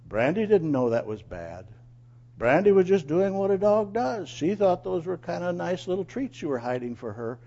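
A man voicing a hushed, gentle Jesus. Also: fairly high pitch, dull audio. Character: gentle male voice of Jesus, calmly reproaching.

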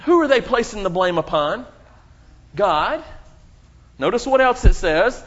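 A man pastor delivering a sermon, preaching emphatically with dramatic pauses and quoting scripture. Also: big pitch swings, fairly bright tone. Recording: muffled low-fidelity sound.

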